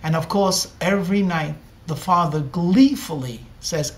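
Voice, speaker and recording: A man's voice: high voice, normal speed, hardly any pauses. A man, a rabbi, telling a story in a sermon and acting out the characters' lines dramatically. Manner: dramatic storyteller, acts out dialogue.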